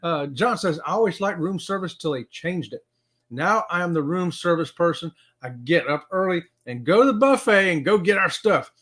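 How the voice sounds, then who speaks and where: A middle-aged man, chatting on a live stream in a fairly high voice. His pitch swings widely as he rambles with fillers. He greets viewers by name. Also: lively intonation, moderate pace, fairly bright tone. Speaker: live-stream show host. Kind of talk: casual live-stream chat.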